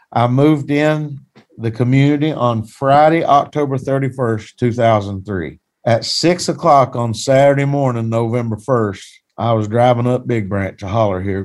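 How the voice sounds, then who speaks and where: A man's voice: medium pitch, a little mellow. Earnest folksy pastor telling his story. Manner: plain-spoken, folksy, earnest. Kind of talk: personal testimony storytelling.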